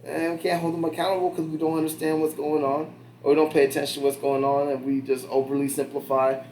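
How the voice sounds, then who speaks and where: Man, podcast co-host, casual political chat, animated storyteller, roomy sound. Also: a little high, fast talker. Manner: animated storyteller, jumps into quoted voices, laughs often. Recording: roomy with faint background noise.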